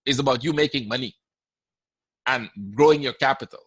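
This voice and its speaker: Guyanese man with a bright, dry voice. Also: medium pitch, steady tone, a little fast, slightly rough, dry recording. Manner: conversational, often asks "right?". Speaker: trading educator hosting a webinar. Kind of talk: live webinar Q&A talk.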